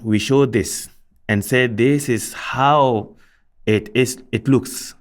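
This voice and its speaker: A man teaching Arabic letter sounds, speaking in a measured way and repeating syllables slowly and deliberately. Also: mid-range voice. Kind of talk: slow step-by-step pronunciation lesson.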